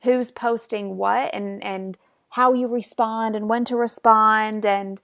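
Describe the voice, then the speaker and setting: A woman's voice: on the high side, steady tone, slow pace, vocal fry, fairly bright tone. A woman hosting a podcast, upbeat and explaining practical tips to her listeners. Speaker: podcast host. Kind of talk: casual podcast interview.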